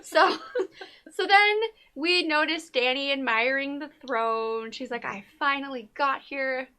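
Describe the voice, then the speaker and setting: A young woman talks through a TV episode with a friend, animated and quick to act out what the characters said. Her voice sits high and sounds bright and forward. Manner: animated retelling, acting out characters' lines; says "y'all". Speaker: co-host of a TV recap show. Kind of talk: casual chat.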